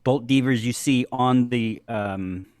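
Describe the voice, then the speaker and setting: Slow-talking man running a tabletop game. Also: mid-range voice, a little mellow, smooth. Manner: halting, many ums and uhs, laughs often. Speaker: game master. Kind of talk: narrating a tabletop wrestling game.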